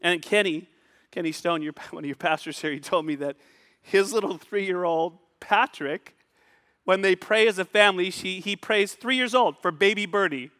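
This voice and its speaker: Bright-voiced male pastor preaching in a hall. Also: high-pitched. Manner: conversational preaching, pauses and repeats. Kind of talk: sermon. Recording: long hall reverb.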